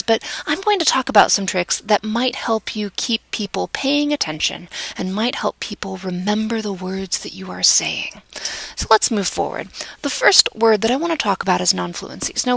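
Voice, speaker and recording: A woman giving a lecture on vocal delivery in a measured, explanatory way, sometimes restarting a phrase. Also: medium pitch, creaky, a bit bright, dry recording, low-quality recording. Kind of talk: recorded lecture.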